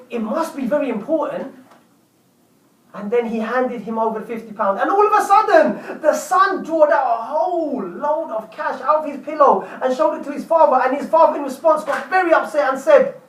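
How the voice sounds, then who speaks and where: A chatty man with a high-pitched voice tells a story to his viewers, often repeating himself. His voice sounds roomy, as if he sits a bit back from the mic. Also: lively intonation, normal speed, recorded from a distance. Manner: chatty, repeats words while telling. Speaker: vlogger telling a story. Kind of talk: casual storytelling vlog.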